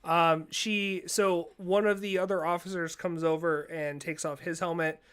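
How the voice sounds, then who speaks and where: A man narrating as game master of a tabletop game, relaxed and full of fillers. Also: a little high, measured pace, clear, resonant tone.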